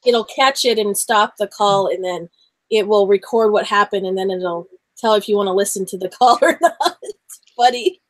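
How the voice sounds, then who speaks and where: A woman hosting a casual group video chat, chatty and quick to agree. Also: medium pitch, no room sound. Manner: chatty, frequent agreeing "yep". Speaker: crafting channel host.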